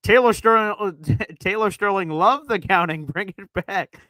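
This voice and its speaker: At a measured pace, a high-voiced man hosting a casual sports live stream reads super chats in a loose, rambling way with lots of fillers. He moves between loud remarks and muttering, captured on a dry, rough recording.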